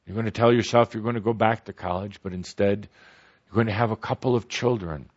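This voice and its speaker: A man voicing a calm, all-knowing spirit that speaks slowly and reassuringly in a storytelling recording. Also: lowish voice, highs cut off, lightly acted. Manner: slow, soothing, reassuring.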